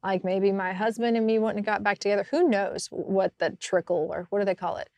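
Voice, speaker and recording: A woman talks through her story with lively, animated energy, laughing as she goes. Her voice sits at a middle pitch and sounds dry and close, with no room around it. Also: brisk, dry recording. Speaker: podcast co-host. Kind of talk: casual faith chat.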